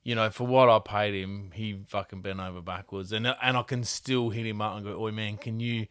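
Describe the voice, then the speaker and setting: A laid-back man hosting a podcast, slangy and casually profane. His voice sits low and smooth, close and dry with no room sound. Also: steady tone, moderate pace, fairly bright tone, dry recording. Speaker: podcast host. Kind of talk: casual chat.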